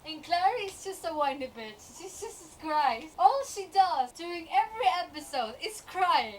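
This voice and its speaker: A young woman vlogger in a casual, animated rant about a TV show, exasperated and often laughing. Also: very high-pitched, normal speed, few pauses, distant mic, a little hiss or hum, low-quality recording.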